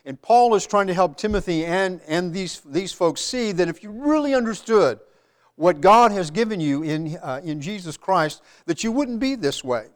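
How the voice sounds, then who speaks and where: A man with a notably high-pitched voice delivers a sermon in a loose, conversational way. He restarts phrases and repeats words as he works through the point. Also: lively intonation, normal speed. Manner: conversational, many restarts and repetitions. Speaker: pastor. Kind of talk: sermon with congregation.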